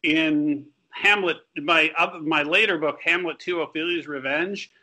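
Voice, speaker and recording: A man's voice: a little high, a little slow, sharp tone, poor audio. A man appearing as a guest author on a podcast, talking playfully and casually. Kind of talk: casual interview.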